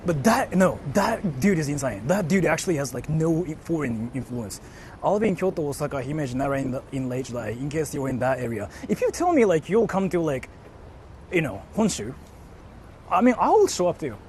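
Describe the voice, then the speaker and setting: A man's voice: on the high side, big pitch swings, fairly quick, darkish tone, slight background noise. A young man live-streaming outdoors on a city street, reading chat aloud and rambling with lots of "like". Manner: rambling, heavy use of "like". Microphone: portable streaming mic.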